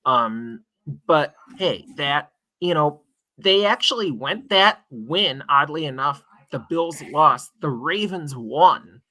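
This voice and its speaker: A man's voice: on the high side, animated, takes it slowly, pushed and bright. A man co-hosting a sports stream, starting hesitantly and then analyzing the playoff picture. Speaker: co-host. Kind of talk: casual sports talk stream.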